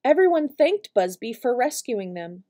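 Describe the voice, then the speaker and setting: Lady reading a kids picture book out loud, expressive, kinda high voice, mellow and soft. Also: a little slow. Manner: warm, expressive storytelling. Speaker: storytime reader.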